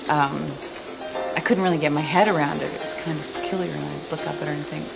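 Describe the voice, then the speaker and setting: An actress in an interview, speaking thoughtfully with pauses. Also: female voice, sits low, fairly even intonation, gravelly. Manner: thoughtful, hesitant. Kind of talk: interview reflection. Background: music.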